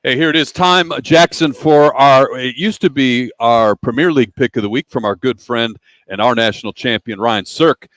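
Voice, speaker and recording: A male sports radio host talks in a relaxed, upbeat way, reading picks and sponsor plugs without a hitch. His voice sits at an ordinary middle pitch. The sound is dry and close to the mic. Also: moderate pace, few pauses, no echo. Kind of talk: casual sports talk. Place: broadcasting live from a sportsbook bar.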